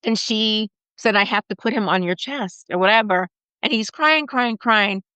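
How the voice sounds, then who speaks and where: A woman in her forties, a podcast guest, retelling a personal story in a halting, emotional way with many fillers. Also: medium pitch, bright, forceful tone, clear, resonant tone, dry recording. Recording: slightly muffled dry recording.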